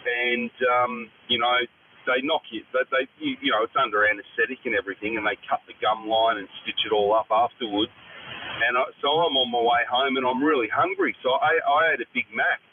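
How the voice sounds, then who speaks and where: A man's voice: mid-range voice, fairly even intonation, brisk, phone-quality sound. Man telling a story over radio. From Australia. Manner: hesitant storyteller, many restarts. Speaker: radio operator. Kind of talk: casual radio chat. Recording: noisy radio transmission.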